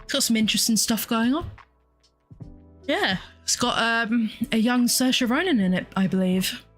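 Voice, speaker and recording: A woman's voice: on the high side, moderate pace, faint music behind. A young woman, hosting a casual solo chat. She rambles, exclaims often and laughs a lot. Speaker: podcast host and streamer.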